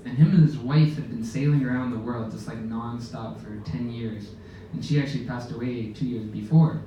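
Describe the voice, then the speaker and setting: A man casually telling an animated sailing story to a live audience aboard a ship, laughing as he goes. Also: mid-range voice, normal speed, muffled recording. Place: lounge aboard a ship, indoors. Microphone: phone camera in the audience. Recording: very echoey room, distant mic, faint background noise.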